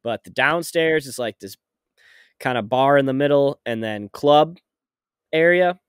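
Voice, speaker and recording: A young man in a laid-back podcast chat, mid-pitched and easygoing, who swears casually and laughs often. His voice sounds dry and close, with no room around it. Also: unhurried, smooth, no echo. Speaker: podcast co-host.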